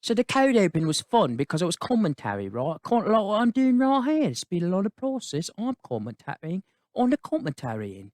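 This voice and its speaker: A man's voice: high-pitched, huge pitch swings, a little fast, darkish tone, dry recording, studio quality, pitched above the performer's own voice. A man voicing a cheeky, rambling adult British fixer in a put-on British accent, dropping slang tags as he chatters. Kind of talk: comedic character review.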